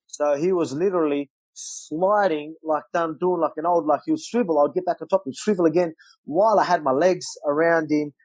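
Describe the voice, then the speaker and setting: Animated man telling a story. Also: on the high side, a little fast, dry recording, rough recording. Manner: animated storyteller, loose swearing, acts out quotes. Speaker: guest, professional fighter. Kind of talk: storytelling in casual interview.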